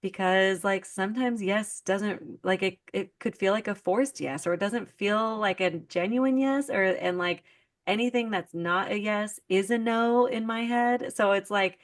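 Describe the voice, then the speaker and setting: A woman of middle pitch hosting a relaxed podcast conversation. She talks in loose, rambling sentences packed with "like" and restarts. Her tone is easygoing and conversational. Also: measured pace. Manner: chatty, heavy use of "like" fillers. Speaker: podcast host. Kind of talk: casual chat.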